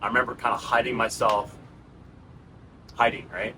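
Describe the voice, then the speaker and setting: A man's voice: fairly low pitch, fairly even intonation, moderate pace, noisy background. A man in his thirties with a New York accent, giving an earnest, casual monologue to his viewers and calling them bro and guys. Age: 30s. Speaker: channel host. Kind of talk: raw personal monologue to camera.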